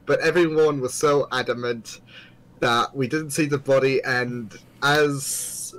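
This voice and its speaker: A man's voice: medium pitch, steady tone, slow pace, a bit bright, poor audio. A young man co-hosting a casual podcast, talking hesitantly with many fillers in earnest fan talk. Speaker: podcast co-host. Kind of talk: casual chat.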